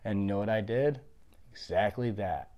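A man's voice: on the low side, normal speed, muffled recording. A man in his early thirties, a former fighter being interviewed, telling his story in a blunt, confident, boastful way. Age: 30s.

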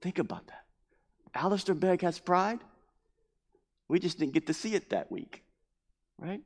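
A man preaching a sermon as pastor, impassioned and repetitive, bursting into loud emphases. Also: high-pitched, sing-song, a little slow, in a large hall. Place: church building.

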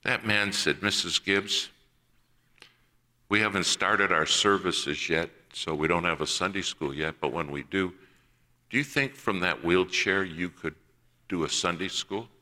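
Deep-voiced man preaching a story. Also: unhurried, bright, forceful tone. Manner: acts out quoted voices in a personal story. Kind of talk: sermon storytelling.

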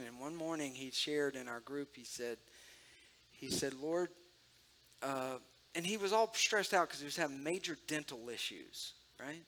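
A man's voice: mid-range voice, pushed and bright, slight background noise. A man giving an emotional, conversational sermon-style testimony, speaking directly to his audience.

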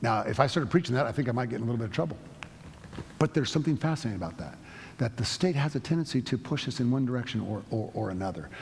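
A man's voice: mid-range voice, animated, rapid-fire, vocal fry, a little hiss or hum. A man preaching a sermon, telling stories in a conversational way with frequent restarts. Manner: storytelling, conversational with many restarts. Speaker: pastor. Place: church sanctuary. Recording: long reverb of a church sanctuary.

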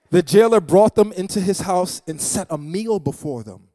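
A man's voice: high voice, lively intonation, normal speed, hardly any pauses, dark tone, dry recording. A man preaching a sermon as pastor, dramatic and repeating phrases for emphasis. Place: church.

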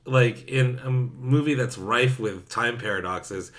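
A man's voice: medium pitch, slow, hardly any pauses, a bit bright. A man co-hosting a podcast, making his case in casual chat with lots of fillers. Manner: argumentative, many fillers like "like". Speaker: podcast co-host.

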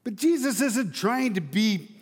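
A man's voice: high-pitched, expressive, a little slow, husky, long reverb tail. A male pastor preaching a sermon, emphatic, driving his points home with repeated rhetorical questions.

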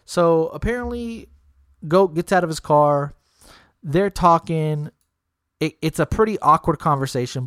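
A man with a fairly high voice tells a story in a relaxed, chatty way, jumping up even higher when he acts out his friends. The sound is close and dry, with no room around it. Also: dry recording. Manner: animated, acts out quoted friends in a higher voice, lots of "like" and "bro". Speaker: storyteller in a casual chat. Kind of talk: casual storytelling chat.

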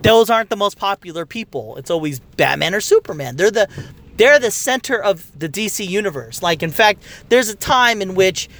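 A man's voice: sits high, expressive, moderate pace, a bit bright. A man in his thirties giving a casual, profane, rambling movie review as a rant.

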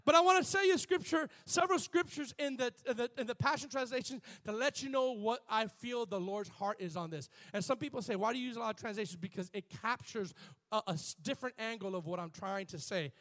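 A man with a high, bright voice preaching from the pulpit. He talks animatedly and leads his congregation in call-and-response. He swings between quiet asides and loud, shouted exhortation. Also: brisk. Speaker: pastor. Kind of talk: sermon. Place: church before a live congregation.

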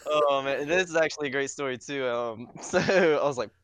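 A man's voice: mid-range voice, brisk, a bit bright. A young man telling a rambling, profanity-laced story to friends, laughing as he goes. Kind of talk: casual storytelling among friends.

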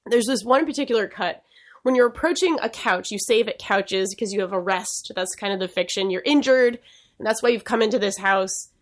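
A woman's voice: medium pitch, brisk. A woman co-hosting a podcast, chatting casually with frequent laughs and restarts. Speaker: podcast co-host. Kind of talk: casual chat.

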